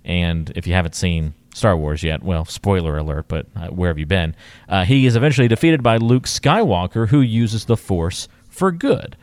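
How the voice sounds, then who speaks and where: A man's voice: low-pitched, lively intonation, fairly quick, darkish tone, clean tone, no room sound. A man co-hosting a radio talk show in an upbeat, easygoing way. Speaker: radio co-host.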